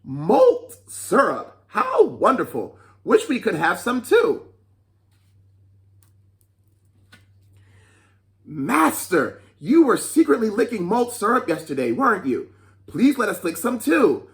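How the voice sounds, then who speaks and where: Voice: mid-range voice, wildly swooping pitch, unhurried, pitched above the performer's own voice. A storyteller voicing a group of young boy trainee monks, eager and pleading.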